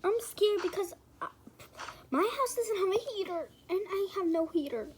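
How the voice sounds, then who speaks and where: A female voice playing a frightened teenage daughter at bedtime, talking in a high, pleading, whiny way. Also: animated, normal speed, slight background noise.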